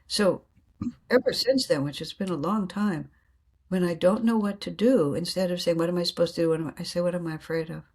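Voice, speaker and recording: A woman's voice: fairly low pitch, fairly quick, darkish tone, slightly rough. A woman guest telling reflective spiritual stories in an earnest way, laughing often and acting out her inner dialogue.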